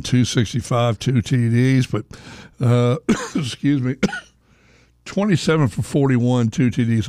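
A man's voice: medium pitch, darkish tone, dry recording, clean studio sound. A middle-aged man hosting a casual sports talk radio show, rambling with lots of fillers and asides. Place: radio studio. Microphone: studio microphone.

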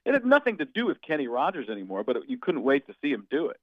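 Jokey comedian with dull lo-fi sound. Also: male voice, mid-range voice, fast, no echo. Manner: animated, jokey, slips into impressions. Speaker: comedian guest. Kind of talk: casual radio interview.

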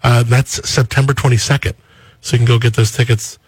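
A man's voice: mid-range voice, fairly even intonation, brisk, husky, no room sound. A man hosting a radio morning show from the studio, chatting with a guest in an upbeat, enthusiastic way, slipping into sing-song promo lines. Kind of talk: casual radio interview chat. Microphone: studio microphone.

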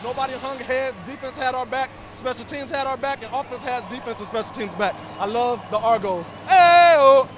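A hoarse football player who has lost his voice, fired up in a post-game sideline interview. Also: extremely high pitch, steady tone, a little fast, hardly any pauses, noisy background. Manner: fired up, repeats himself. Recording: muffled broadcast with a cheering crowd.

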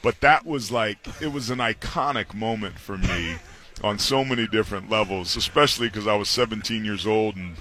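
A man guest on a sports radio show, telling stories and imitating coaches with lively voice swings. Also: on the low side, moderate pace. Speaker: guest, sports analyst and former football player. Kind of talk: animated radio interview. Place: radio row at a football event.

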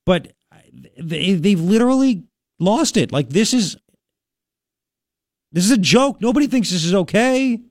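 A man's voice: sits high, lively intonation, a little slow, long pauses, no room sound, studio quality. A man hosting a talk show, casually and sarcastically commenting on clips he plays, laughing often.

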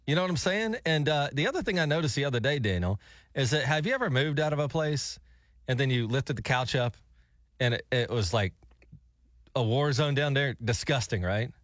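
A man's voice: medium pitch, animated, brisk, fairly bright tone, dry recording, clean studio sound. A man hosting morning radio, talking in a playful, insistent way. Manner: playful, insistent, laughs easily. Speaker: radio host.

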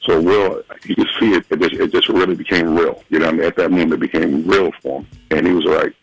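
A man from Philadelphia calling in to a radio show, telling a story in a casual, animated way. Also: quick pace, dry recording, faint music behind, poor audio. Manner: animated, acts out quotes in a high voice. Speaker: phone-in guest. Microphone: phone call.

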